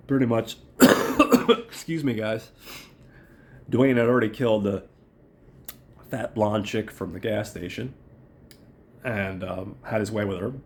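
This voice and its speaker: Podcast host, male, low voice gone hoarse from a cold, loose profane film-recap delivery, faint room hum. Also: steady tone, unhurried, long pauses, a little mellow. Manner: loose, profane storytelling, many fillers.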